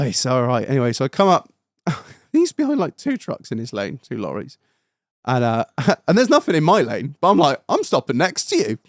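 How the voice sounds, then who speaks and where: A young British man, a podcast host, telling a story in casual chat, animated, swearing and laughing as he goes. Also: high voice, brisk, dry recording, clean studio sound.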